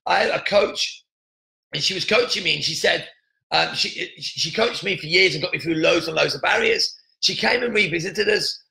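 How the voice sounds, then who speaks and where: An earnest podcast host delivers a motivational monologue, circling back and restarting his sentences repetitively. His high, bright voice carries a gravelly rasp, and the room around him echoes.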